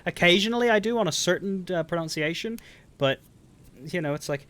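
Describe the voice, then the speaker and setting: A man's voice: high-pitched, expressive, brisk, a bit bright, no echo. A man live-streaming a game, commenting casually in a rambling, self-interrupting way.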